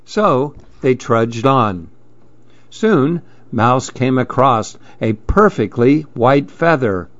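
A man reading a children's picture book aloud at an unhurried pace, calm and measured. His voice sits at an ordinary middle pitch. The recording is dry and slightly dull. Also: no room sound. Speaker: storyteller. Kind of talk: storybook read-aloud.

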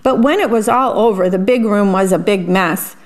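A woman reading a picture book aloud and pausing to describe the pictures in a chatty aside. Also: mid-range voice. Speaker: storyteller.

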